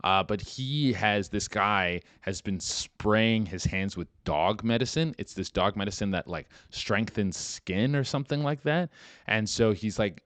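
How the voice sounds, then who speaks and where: A man hosting a podcast in casual, rambling talk, full of swearing and fillers, getting animated when excited. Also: on the low side, moderate pace, dry recording. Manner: rambling, profane, lots of "like" and "dude". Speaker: podcast host.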